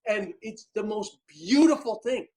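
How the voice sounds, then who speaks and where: A male podcast guest tells an emotional story with dramatic, animated delivery, swinging between loud and soft. His voice sits high and moves at a moderate pace. The recording quality is low.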